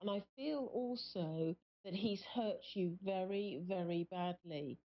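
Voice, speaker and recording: A woman hosting a live call-in psychic reading on the radio, speaking in a halting, searching way with many pauses. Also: medium pitch. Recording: muffled lo-fi stream audio.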